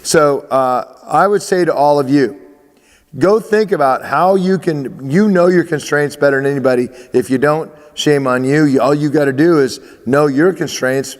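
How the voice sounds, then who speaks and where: A man's voice: on the high side, moderate pace, big-room sound. A man, a baseball coach, giving emphatic advice to athletes, often repeating himself and restarting phrases.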